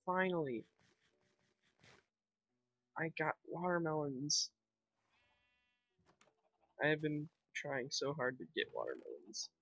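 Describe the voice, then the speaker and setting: A man's voice: fairly high pitch, very animated, slow pace, creaky, long pauses, a bit bright. A young man chatting casually while playing a game, rambling and thinking aloud with lots of fillers. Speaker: gaming vlogger. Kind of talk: casual gameplay commentary. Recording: dull lo-fi home mic.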